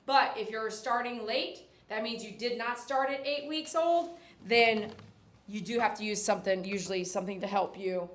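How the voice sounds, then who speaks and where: A woman's voice: a little high, moderate pace, reverberant, slight background noise. A woman, a dog groomer chatting on a casual livestream and reading viewer comments aloud.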